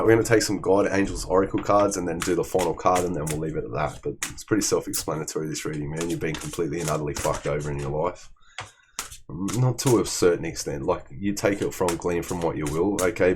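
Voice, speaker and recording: A man's voice: low-pitched, fast, a little hiss or hum. A man giving a casual tarot reading, blunt and profane, often calling the listener "man". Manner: blunt, swears freely, calls listener "man". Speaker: tarot reader.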